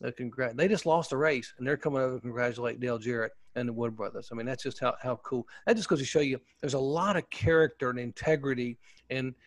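A man's voice: medium pitch, quick pace, no room sound. Enthusiastic man telling a long story. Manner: enthusiastic, rambling with restarts. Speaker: former pit reporter, guest. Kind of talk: casual storytelling interview. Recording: dull, muffled lo-fi audio.

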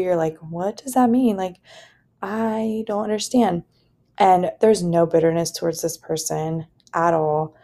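A young woman talks alone on her podcast in a low, warm, gravelly voice. She rambles earnestly and fills her sentences with "like" and "you know". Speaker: podcast host. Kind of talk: casual solo podcast monologue.

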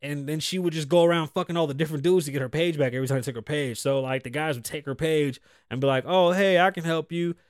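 A man on a talk show delivers an animated, profane rant, his slightly high voice swinging from loud outbursts to muttered asides. The sound is dry and close to the mic. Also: quick pace, hardly any pauses, no room sound. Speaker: podcast host. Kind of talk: casual commentary rant.

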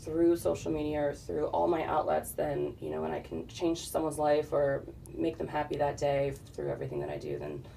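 Low gravelly woman chatting. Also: normal speed, few pauses, recorded from a distance, a little hiss or hum. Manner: chatty, relaxed, talks in long run-on thoughts. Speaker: guest, fitness model and author. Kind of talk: casual interview chat.

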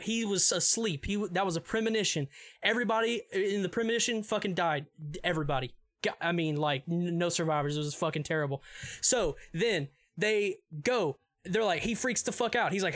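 A man's voice: high-pitched, fairly bright tone. A young man co-hosting a podcast, giving a rambling, profane movie recap and laughing as he goes. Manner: rambling, swears a lot, laughs mid-sentence. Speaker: podcast co-host.

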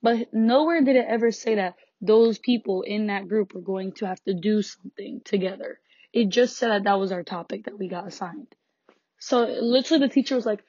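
A teenage girl, a high school student, venting about school in a frustrated, sarcastic rant, swearing and laughing between lines. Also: normal speed, a little mellow, no room sound, highs cut off. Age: teens.

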